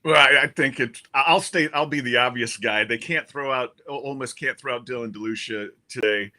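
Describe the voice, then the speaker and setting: A man's voice: mid-range voice, fairly quick, sharp tone. A man co-hosting a casual sports show, talking through his analysis conversationally and restarting his sentences as he thinks aloud. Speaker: sports writer and co-host.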